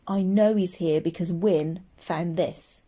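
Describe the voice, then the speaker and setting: A woman's voice: fairly low pitch, slow, warm tone. A woman voicing an earnest young boy who pleads urgently to rescue his family. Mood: eager. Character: earnest determined young boy, the narrator-hero.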